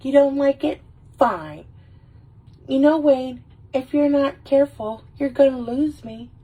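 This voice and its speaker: A woman's voice: high voice, measured pace, muffled recording, voice pushed up. A woman voicing a pouty young ex-girlfriend in a sulky, huffy tone. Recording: voice a little far from the mic.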